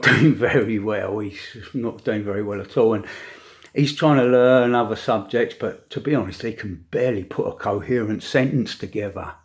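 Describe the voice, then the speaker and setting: An older man with grandchildren giving a preachy opinion rant to camera, with dramatic pauses and emphatic repetition. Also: fairly low pitch. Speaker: vlogger.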